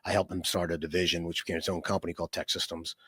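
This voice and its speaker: A man's voice: deep voice, flat delivery, rapid-fire, pushed and bright, breathy edge, no echo, clean studio sound. A man in his fifties, an entrepreneur guest, telling his life story in a rambling, conversational way with many fillers and tag questions. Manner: rambling, many fillers and restarts, frequent "right?".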